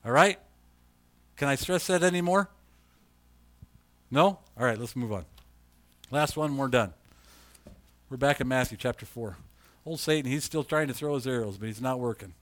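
A pastor preaching in a conversational way, reading scripture aloud and rising to loud emphasis. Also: male voice, mid-range voice, expressive, normal speed, long pauses, no room sound. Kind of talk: sermon.

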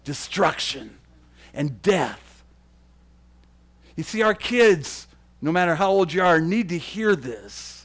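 A man preaching a sermon to the camera, with emphatic, repeated phrases that swing between loud declarations and hushed, low lines. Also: very animated, takes it slowly, pauses often. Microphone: camera mic.

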